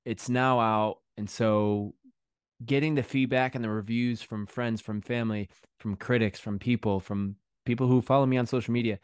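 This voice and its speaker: A man from Connecticut talks as a podcast guest in a chatty, animated way, often restarting his sentences. His voice sits at a middle pitch. The recording is dry and close. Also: normal speed, clean tone, dry recording. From Connecticut, USA. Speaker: podcast guest, chef and author. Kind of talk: casual interview chat. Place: home in the English countryside.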